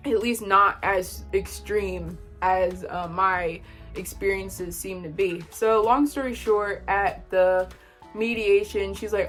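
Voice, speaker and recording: A woman's voice: mid-range voice, fairly even intonation, slow, fairly bright tone, soft background music. A young woman vlogging a casual storytime, exasperated and full of slang.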